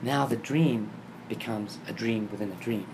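A man casually telling a vivid dream story, acting out the scenes and getting animated and higher when excited. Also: moderate pace, gravelly. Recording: noisy background ambience.

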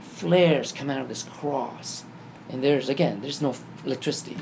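A man telling a personal story in casual conversation, acting out the quoted dialogue with lively shifts. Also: medium pitch, moderate pace, gravelly, background noise. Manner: animated, acts out quoted dialogue. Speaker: guest telling his story.

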